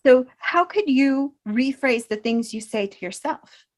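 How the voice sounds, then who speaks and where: A woman speaking as a self-help coach in an unscripted talk to camera, reflective and gently encouraging, with frequent pauses. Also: sits high, expressive.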